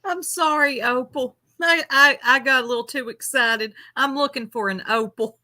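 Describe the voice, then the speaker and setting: Woman, casual streamer, bright sharp tone, mocking, laughs a lot. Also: high-pitched, normal speed. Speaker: co-host. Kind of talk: casual live-stream commentary.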